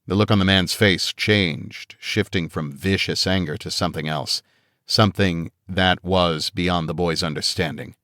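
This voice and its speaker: A man narrating an audiobook in a steady, measured reading style on a close studio mic. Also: low voice, no echo. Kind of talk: scripted narration.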